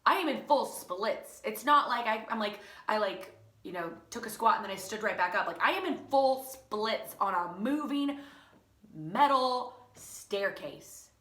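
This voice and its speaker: A woman teacher spins a personal story in a loose, chatty way, piling up fillers and laughing as she goes. Her voice is bright and forward. The room around her rings with a noticeable echo. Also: fairly high pitch, measured pace. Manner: animated, lots of fillers, laughing through the tale. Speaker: teacher and channel host.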